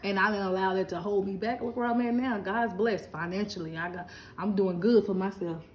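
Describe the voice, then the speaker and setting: A woman's voice: mid-range voice, fairly quick, slight background noise, poor audio. A middle-aged woman from Lubbock, Texas, chatting and laughing with her viewers in a casual live stream. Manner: chatty, animated, laughing, talks straight to viewers.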